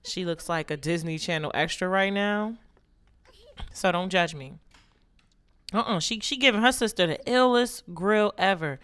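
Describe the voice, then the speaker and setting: A woman with a slightly low voice gives a sassy, joking running commentary as she plays a life-simulation game. She teases the characters constantly, with the easy chatter of a gaming channel host. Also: normal speed, fairly bright tone, clear, resonant tone, no echo. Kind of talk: let's play commentary.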